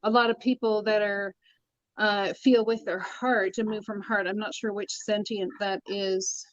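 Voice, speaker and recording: A woman's voice: mid-range voice, flat delivery, unhurried, muffled recording, background noise. A woman hosting a casual spiritual chat about tarot, speaking earnestly and acting out quoted inner voices. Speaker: tarot reader and host.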